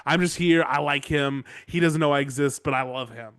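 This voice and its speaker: A man's voice: fairly high pitch, fairly quick, a bit bright, clear, resonant tone, no echo, studio quality, voice pushed down, close to an everyday voice. A man voicing a lovesick, meek woman knight who mumbles sheepishly.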